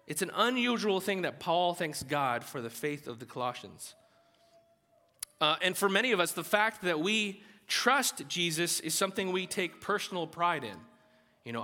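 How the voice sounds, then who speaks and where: A man's voice: sits high, sing-song, normal speed, sharp tone, in a large hall. A pastor with a light Southern accent, preaching a sermon in an earnest way and building emphasis as he goes. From Alabama, US South.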